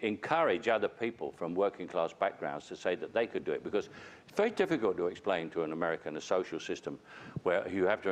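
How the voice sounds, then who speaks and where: London-accented man, very low voice, frank interview guest. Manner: candid, blunt, relaxed storytelling.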